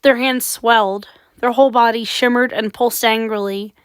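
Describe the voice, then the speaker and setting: A woman's voice: fairly high pitch, steady tone, normal speed, clean tone, dry recording. A woman reading a horror story aloud with dramatic, suspenseful narration. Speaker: audiobook reader.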